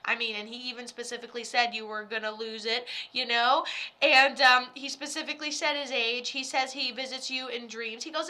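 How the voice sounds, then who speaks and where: A woman's voice: on the high side, fairly even intonation, a little fast, sharp tone. A woman psychic medium giving a live reading in a rambling, chatty way, often breaking into laughter.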